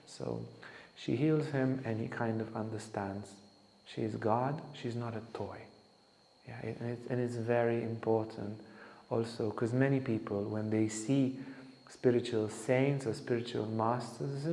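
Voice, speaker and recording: A man recounts stories of a saint in an earnest, anecdotal spiritual lecture at an ashram, his words echoing through the hall. He speaks at medium pitch and normal speed with fairly even intonation and a creaky, warm voice.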